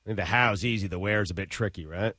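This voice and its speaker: A man's voice: fairly low pitch, fast, bright, forceful tone, no room sound, studio quality. A man co-hosting a sports radio show, answering dryly with short, laid-back replies and asking plain questions. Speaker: radio co-host and update reader. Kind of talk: sports talk radio banter.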